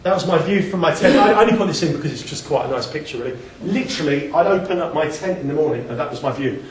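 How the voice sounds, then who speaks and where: A man's voice: fairly high pitch, animated, quick pace, slight background noise. A man giving a casual slide talk, chatty and self-deprecating, often restarting his sentences. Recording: echoey room, mic at a distance.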